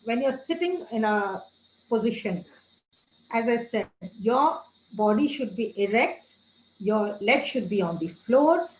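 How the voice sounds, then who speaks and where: A woman trainer giving a training lecture, calling her listeners friends and slowing down to stress key words. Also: a little high, echoey room, rough recording. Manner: addresses listeners as friends, gives tips.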